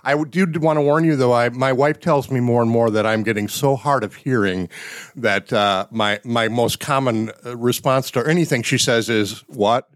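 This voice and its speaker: A man's voice: medium pitch, moderate pace, no room sound. American man, 60s, podcast host, chatty and self-mocking, dry close mic. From United States. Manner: chatty, self-deprecating, laughs often. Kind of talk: podcast monologue and casual chat.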